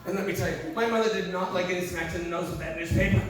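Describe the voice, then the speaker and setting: High-voiced man telling stand-up stories. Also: steady tone, very fast. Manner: candid, profane, emotional storytelling. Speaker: stand-up comedian. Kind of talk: stand-up storytelling. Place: live comedy venue with audience. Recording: echoey room, far mic, crowd noise.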